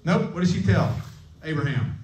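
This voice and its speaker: A man's voice: a little high, expressive, moderate pace, darkish tone, slight background noise. A man giving a casual, playful sermon to a camp chapel, joking and asking the room questions. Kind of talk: casual sermon to middle schoolers. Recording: echoey room, mic at a distance.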